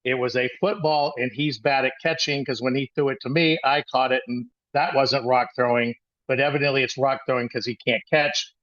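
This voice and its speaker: An older man in his sixties tells a story from his own childhood, wandering and halting as he goes, with plenty of restarts. The sound is dry and a little dull, with no room around his voice. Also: medium pitch, fairly even intonation, fairly bright tone, no echo. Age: 60s. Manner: rambling, halting with frequent restarts. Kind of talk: personal storytelling talk.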